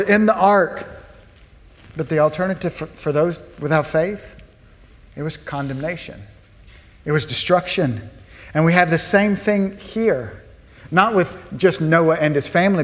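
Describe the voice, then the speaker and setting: Preaching man, slightly high voice, hall reverb. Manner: earnest, asks the listeners rhetorical questions. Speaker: pastor. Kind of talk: sermon. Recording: long reverb of a large hall.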